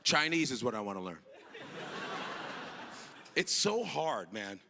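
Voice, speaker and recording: A man performing a stand-up comedy set on a club stage, acting out characters with sudden shouted outbursts. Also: mid-range voice, slow pace, vocal fry. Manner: animated, acts out characters with big shouted outbursts. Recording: live club recording with audience noise.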